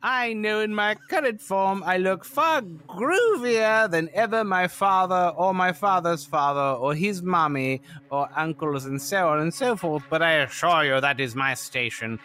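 A man voicing a pompous, long-winded male goblin aristocrat in a tabletop game role-play, rambling on without pause. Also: fairly high pitch, bright, forceful tone. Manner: haughty, rambling, talks over others. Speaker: player.

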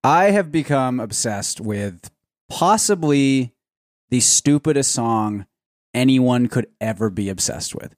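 A man hosting a casual podcast chat, talking excitably and swearing freely. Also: medium pitch, slow pace, dry recording, studio quality. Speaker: podcast host.

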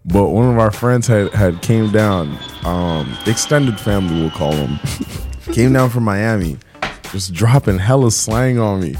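A man co-hosting a podcast, telling stories in relaxed slang with plenty of swearing. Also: lowish voice, measured pace, music in the background. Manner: laid-back storytelling with slang and swearing. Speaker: podcast co-host. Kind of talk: casual podcast banter.

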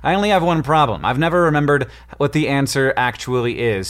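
A man co-hosting a podcast who reads listener letters and banters in a playful, quick way. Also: medium pitch, expressive. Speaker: podcast co-host. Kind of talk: casual chat and reading listener questions.

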